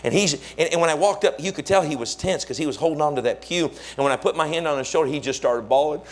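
A male pastor with a fairly high-pitched voice tells stories during a fast-paced sermon. He is an animated storyteller who acts out the voices of the people he quotes.

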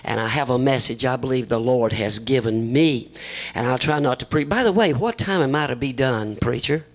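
A man's voice: mid-range voice, normal speed. A man preaching a folksy sermon, telling humorous stories and acting out the voices of the people in them. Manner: folksy joking, acts out voices in his stories. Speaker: visiting preacher.

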